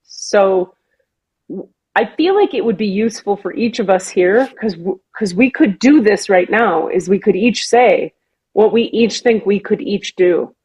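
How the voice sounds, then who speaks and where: A woman hosting a podcast, talking earnestly and with feeling in casual chat, sometimes slowing down to stress a point. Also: mid-range voice, lively intonation, a little mellow, husky, low-quality recording. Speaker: podcast host.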